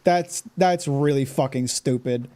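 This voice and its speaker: A man's voice: medium pitch, measured pace, warm tone. A man hosting a gaming channel, giving exasperated, sarcastic let's-play commentary with a lot of swearing.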